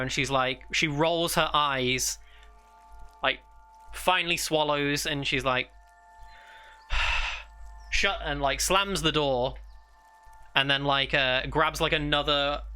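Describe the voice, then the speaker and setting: A man's voice: mid-range voice, sharp tone. A man narrating a tabletop game as game master in a rambling, casual way, full of "like" and "uh". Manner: rambling, with many "like"s and "uh"s. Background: fantasy ambience music.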